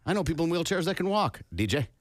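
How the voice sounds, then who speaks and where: A man's voice: fairly high pitch, very animated, quick pace, no room sound. A man co-hosting a podcast in casual chat, telling a story with wry asides. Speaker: podcast co-host.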